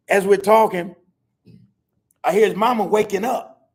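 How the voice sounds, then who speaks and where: A man's voice: sits high, fairly even intonation, a little slow, vocal fry, background noise. An older man hosting a podcast, telling stories in a casual, profane way and laughing often. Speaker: podcast host. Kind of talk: casual storytelling chat.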